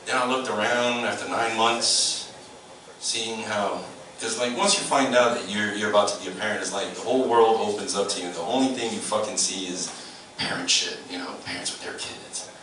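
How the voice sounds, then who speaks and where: A man's voice: on the low side, normal speed, bright, forceful tone. A man doing a stand-up comedy set, profane and teasing the crowd, acting out voices. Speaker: stand-up comic. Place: comedy club. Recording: echoey club from far off with room noise.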